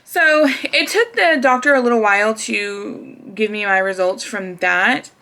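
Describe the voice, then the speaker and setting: A young woman tells a personal story straight to camera in a casual, chatty way. She laughs often and fills her talk with "like" and restarts. Her voice sits at an everyday middle pitch. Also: a little slow, pushed and bright. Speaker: vlogger.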